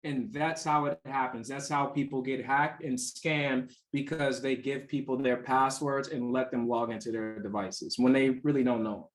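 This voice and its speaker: A man's voice: medium pitch, fairly even intonation, moderate pace, hardly any pauses, reverberant. A man who teaches cybersecurity, explaining casually with stories, fillers and restarts. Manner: chatty, anecdotal, many fillers and restarts. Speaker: cybersecurity instructor. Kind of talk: casual explanation answering questions.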